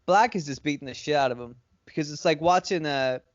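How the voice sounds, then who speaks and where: A man's voice: fairly high pitch, a little fast, dry recording. A man co-hosting a podcast, casually retelling an imagined storyline with lots of fillers and swearing. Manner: rambling, filler-heavy, profane retelling. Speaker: podcast co-host. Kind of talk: casual fantasy-booking storytelling. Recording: dry, slightly dull lo-fi sound.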